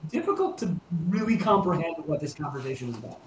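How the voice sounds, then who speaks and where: High-voiced man game master. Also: big pitch swings, fast, noisy background. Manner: rambling, restarts with filler words. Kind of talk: narrating a tabletop game. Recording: roomy echo.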